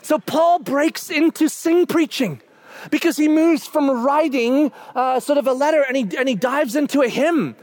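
A middle-aged male pastor preaching a sermon, animated and building to shouts as he gets excited. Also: very high voice, moderate pace, no echo.

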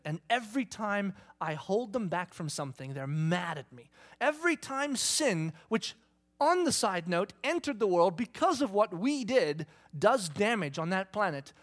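A middle-aged man preaching a sermon in church, animated, acting out arguments in raised voices. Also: sits high. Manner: animated, acts out quarreling kids in a shouting voice. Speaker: pastor.

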